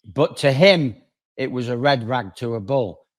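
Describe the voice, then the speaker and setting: A man, a lawyer appearing as a guest, telling a story in conversation with dramatic swings between loud and quiet. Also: mid-range voice, measured pace. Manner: animated, dramatic swings in loudness.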